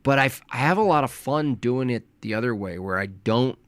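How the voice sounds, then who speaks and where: A male streamer talking casually and rambling, often hedging and running himself down. His pitch bounces around a lot. The sound is dry and close. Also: lively intonation, a little fast, fairly bright tone, clean tone, dry recording. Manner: hedging, self-deprecating, rambling. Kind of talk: casual livestream chat.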